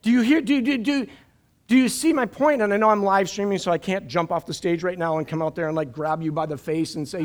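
Animated high-voiced male pastor preaching. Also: brisk. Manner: animated, jokey asides, repeats words. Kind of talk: live-streamed sermon. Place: church stage.

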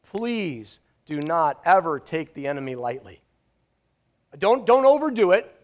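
A man pastor preaching a sermon in a conversational, emphatic way, with dramatic pauses. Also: fairly high pitch, sing-song, highs cut off.

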